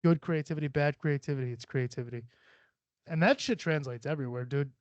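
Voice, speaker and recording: A man's voice: fairly high pitch, quick pace, dry recording. Profane, rambling man on a lo-fi podcast. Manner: profane, rambling, laughs often. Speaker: podcast host. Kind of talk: casual solo podcast chat. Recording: dull, lo-fi sound.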